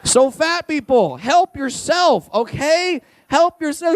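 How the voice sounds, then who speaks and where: A man's voice: very high-pitched, lively intonation, takes it slowly, no echo. A man from California performing a stand-up routine on a comedy stage, brash, profane and punchy, hammering his points home.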